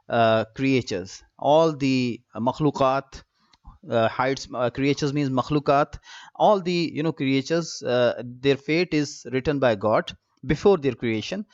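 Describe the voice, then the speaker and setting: A man teaching a literature lesson in a measured, explanatory way, with frequent "uh" fillers. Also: a little high, dry recording. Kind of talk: recorded lecture. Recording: dull, dry lo-fi recording.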